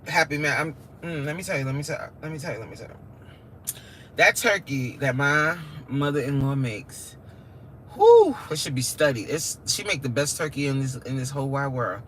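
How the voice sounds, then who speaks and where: A woman's voice: very deep voice, sing-song, normal speed, a little hiss or hum. A woman hosting a casual livestream from her car, chatting with viewers, exclaiming and reading their comments aloud. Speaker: livestream host.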